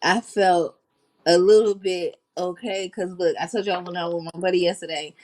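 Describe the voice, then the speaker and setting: A woman's voice: on the low side, normal speed. A woman co-hosting a casual talk show, telling stories animatedly and acting out what others said. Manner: animated storyteller, acts out quotes. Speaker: co-host. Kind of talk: casual chat.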